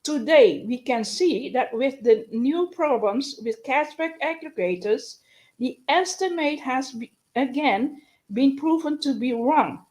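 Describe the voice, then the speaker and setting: Slow, halting woman with a high voice. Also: expressive, darkish tone, low-quality recording. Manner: halting, stumbles and restarts often; exasperated, complaining. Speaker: host of live news and Q&A. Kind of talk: live stream news update.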